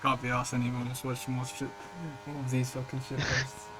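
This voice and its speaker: A man's voice: medium pitch, monotone, fairly quick, background noise. A man hosting a racing league stream, talking casually, swearing freely and rambling with restarts. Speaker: league race stream host and commentator. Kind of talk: casual live-stream commentary.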